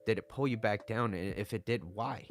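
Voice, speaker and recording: A man's voice: fairly low pitch, normal speed. A young man talking casually as a relationship coach, blunt and profane, acting out what people say in quoted voices.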